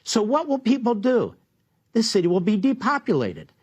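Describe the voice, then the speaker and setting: A man's voice: high voice, very animated, moderate pace, a little mellow, breathy edge. A man speaking as a political commentator in a played clip, indignant and combative.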